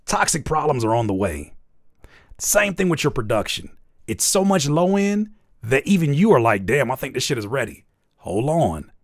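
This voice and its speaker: Animated, profane man hosting a music review stream. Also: mid-range voice, no room sound, clean studio sound. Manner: profane, animated, mocking jokes and wordplay. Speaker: music reviewer and livestream host. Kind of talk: live music feedback stream, joking and critiquing.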